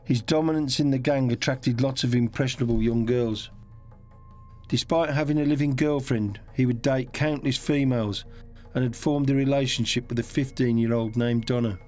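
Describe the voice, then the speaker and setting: A man narrating a crime documentary in a measured, grave manner. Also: mid-range voice, fairly even intonation, a little mellow, soft background music.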